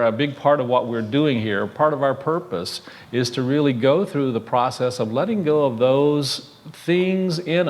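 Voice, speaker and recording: Man preaching a conversational sermon. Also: medium pitch. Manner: conversational, asks the congregation questions. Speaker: minister. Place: church sanctuary.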